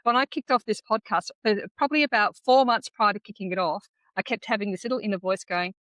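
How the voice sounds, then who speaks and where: An Australian woman hosts a podcast in a casual chat, often dropping short encouraging affirmations. Her voice is bright, and the recording is close and dry. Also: mid-range voice, fast, no echo. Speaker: podcast host. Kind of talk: casual conversational interview.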